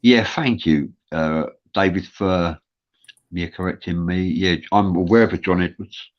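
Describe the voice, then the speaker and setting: Speaking deeply and at a measured pace, a host with a London accent goes through viewer comments on his live show. He rambles earnestly, leans heavily on "uh," and comes through on muffled, low-fidelity audio.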